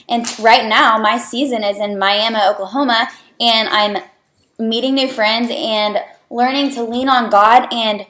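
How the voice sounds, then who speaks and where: A woman's voice: fairly high pitch, a bit bright. A young woman, a student on a clinical rotation, talking earnestly and chattily to her viewers and saying "like" a lot. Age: young adult. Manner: chatty, earnest, heavy use of "like". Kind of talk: casual personal vlog. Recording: roomy echo.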